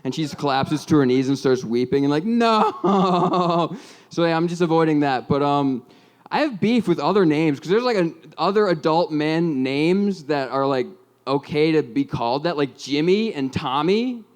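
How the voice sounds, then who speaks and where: A man's voice: fairly high pitch, expressive, moderate pace, darkish tone. A man in his twenties from Minnesota doing a stand-up comedy set, rambling and self-deprecating, full of ums and likes. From Minnesota, USA. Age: 20s. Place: comedy club stage with audience.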